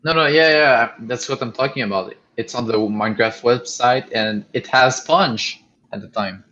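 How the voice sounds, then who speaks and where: Halting young man on a lo-fi mic. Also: medium pitch, bright, forceful tone, a little hiss or hum. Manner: halting, many fillers, blunt. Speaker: podcast co-host. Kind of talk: casual chat. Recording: dull lo-fi home recording.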